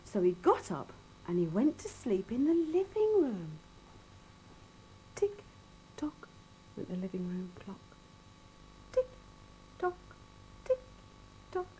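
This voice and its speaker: A woman's voice: medium pitch, sing-song, a little slow, long pauses, dark tone, a little hiss or hum, low-quality recording. A woman reading a bedtime story to children, her voice swooping up and down in a sing-song way. She takes her time, lingering over each phrase with playful expression.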